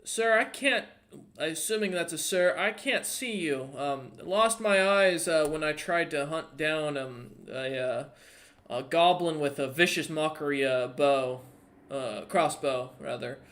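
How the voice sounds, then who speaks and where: A man voicing a blind old human bounty hunter turned shopkeeper, talking in a high, squawking, panicky way. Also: a little slow, fairly bright tone. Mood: wary.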